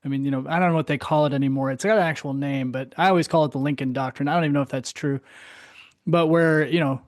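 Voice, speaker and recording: A man in his forties hosts a casual interview, asking questions with easy, profane asides. His voice sits a bit high for a man. The recording is dry and close. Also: quick pace, dry recording. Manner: relaxed, profane, friendly asides. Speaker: podcast host, fellow veteran.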